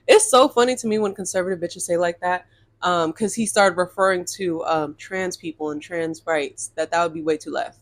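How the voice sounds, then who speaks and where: Animated young woman ranting a storytime. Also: fairly low pitch, moderate pace. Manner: animated, exasperated, swears, addresses viewers as y'all. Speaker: storytime vlogger. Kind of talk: casual storytime rant.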